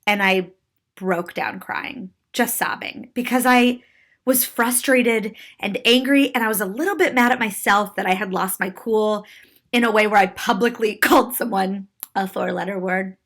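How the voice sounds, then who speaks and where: A woman comedian telling a personal story in a candid, expressive monologue, with self-mocking asides. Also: mid-range voice, normal speed.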